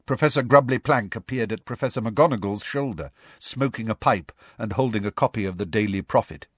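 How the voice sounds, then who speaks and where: A man narrating a storybook in an expressive storytelling manner. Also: on the low side, a little fast, hardly any pauses, slightly rough, no echo, clean studio sound. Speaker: audiobook narrator. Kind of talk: scripted narration.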